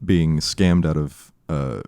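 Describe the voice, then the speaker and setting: A man co-hosting a casual podcast, quick with teasing quips. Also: extremely low pitch, warm tone, clear, resonant tone, no room sound, clean studio sound. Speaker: podcast co-host. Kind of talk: casual chat.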